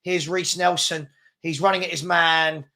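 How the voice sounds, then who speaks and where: An English man co-hosting a live football stream, with a voice a little higher than most. He talks casually about the match and rambles, with plenty of fillers and restarts. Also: level tone, measured pace, sharp tone. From England.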